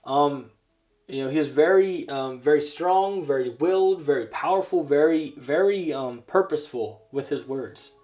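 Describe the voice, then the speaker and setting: A grown man preaching a personal testimony sermon, earnest and halting, with many restarts. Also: on the high side, darkish tone, faint music behind. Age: adult.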